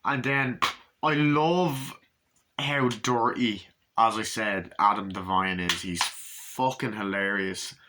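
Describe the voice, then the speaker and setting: A man's voice: fairly low pitch, steady tone, slow pace, noisy background. A man giving a rambling, casual spoken movie review, retelling scenes and swearing freely.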